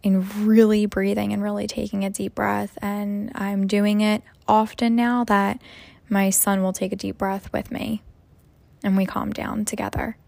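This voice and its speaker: A young mother talks in a loose, rambling way, filling her sentences with "you know" and "like." Her voice has a gravelly fry to it. The recording is dry, with no room sound. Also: mid-range voice, little pitch movement, a little slow, a little mellow, no echo. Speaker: mom sharing personal reflections. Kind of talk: casual rambling monologue.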